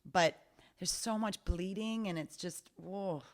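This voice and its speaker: A middle-aged woman, an esthetician, chatting on a podcast and telling animated stories with acted-out voices. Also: lowish voice, slow. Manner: chatty, animated storyteller who acts out voices. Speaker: guest esthetician. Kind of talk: casual podcast chat.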